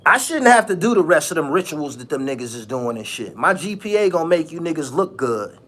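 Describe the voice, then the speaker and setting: A man's voice: on the high side, big pitch swings, brisk, fairly bright tone. A man hosting his own channel, ranting casually in a mocking tone, repeating phrases and laughing often. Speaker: channel host. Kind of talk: casual vlog rant.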